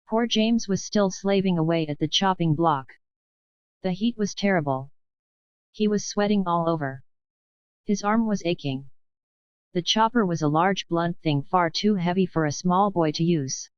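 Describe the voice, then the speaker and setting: A woman narrating a children's audiobook in a measured, expressive reading. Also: fairly low pitch, clear, resonant tone, no echo, lo-fi sound. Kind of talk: scripted storybook narration.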